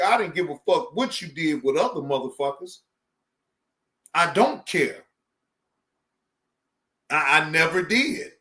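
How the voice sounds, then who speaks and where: A man talks slowly and loosely to his stream audience, swearing freely and shouting out viewers by name. His voice is bright and a little high for a man. The room around him rings with echo. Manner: profane, laughing, shouts out viewers. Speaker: streamer reacting to videos. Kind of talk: casual live-stream chat.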